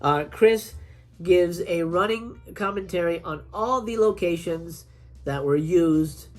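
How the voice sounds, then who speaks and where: A woman's voice: fairly low pitch, slow pace, soft background music. A woman reviewing horror films in a casual, profane rant, acting out scenes in quoted voices. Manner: animated, swears a lot, acts out scenes in quoted voices. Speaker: film reviewer.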